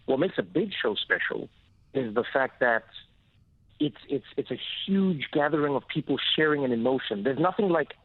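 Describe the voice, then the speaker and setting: A man with a South African accent, a comedian talking as a guest in a radio interview and telling animated stories. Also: mid-range voice, normal speed, no room sound. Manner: lively storyteller, animated. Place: radio studio. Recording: dull, dry radio studio sound.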